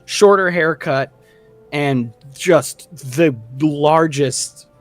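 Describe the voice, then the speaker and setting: A man's voice: a little high, drawn-out words, dry recording, faint music behind. A man narrating a tabletop game as game master, casual and rambling with many fillers.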